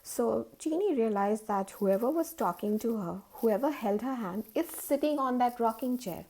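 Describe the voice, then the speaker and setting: A woman's voice: on the high side, expressive, moderate pace, warm tone. A woman telling a story in a chatty, casual way, with many fillers.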